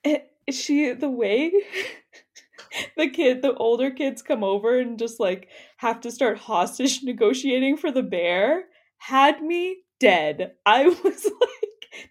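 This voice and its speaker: Woman co-host, higher voice with a lot of swing, reactive and giggly in casual chat. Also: lively intonation, measured pace. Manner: chatty, laughs often, reacts expressively. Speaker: podcast co-host. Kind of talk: casual chat recapping a reality show.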